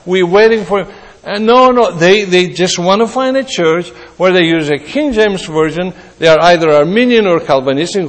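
A male pastor preaching a sermon in a conversational way, acting out the voices of imagined listeners. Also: high-pitched. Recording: long hall reverb.

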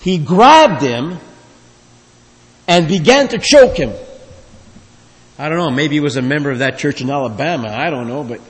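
A man's voice: on the high side, lively intonation, normal speed, pauses often. A man preaching a sermon as pastor, emphatic, with his voice swelling and dropping. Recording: long reverb of a large hall.

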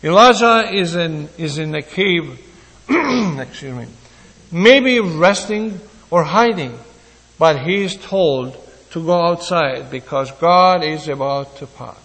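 A man preaching a sermon, earnest, with pauses and restarts, his voice rising and dropping. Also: a little high, lively intonation, a bit bright, big-room sound, low-quality recording.

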